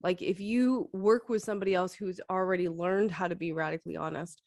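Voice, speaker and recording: Woman co-host, candid casual chat, lowish voice, dry close sound. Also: fairly even intonation, fairly quick, a little mellow, dry recording. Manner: thoughtful, candid.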